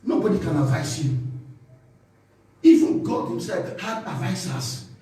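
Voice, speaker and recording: A man preaches in a high, animated voice that leaps up and down. He speaks emphatically and draws responses from the congregation. The recording is very echoey and distant, caught from across a church hall. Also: a little slow. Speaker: pastor. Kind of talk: sermon.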